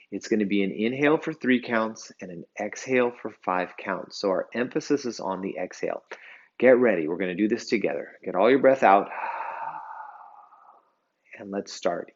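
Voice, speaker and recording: Gravelly low-voiced male yoga teacher. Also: dull audio. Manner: calm, steady cueing of breath and poses. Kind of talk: guided yoga class instruction.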